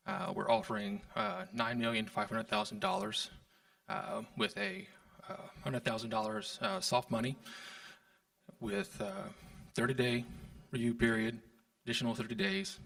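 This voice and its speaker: Male attendee giving a hesitant pitch, very gravelly, distant mic. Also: a bit bright. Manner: hesitant, many uh fillers. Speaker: seminar participant pitching an offer. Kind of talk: nervous live pitch. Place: event stage before an audience.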